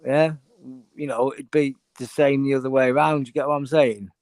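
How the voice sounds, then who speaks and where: A man's voice: medium pitch, fairly even intonation, normal speed, darkish tone, no room sound. A man in his forties from England, chatting and joking on a live stream, often repeating himself. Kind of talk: casual stream chat.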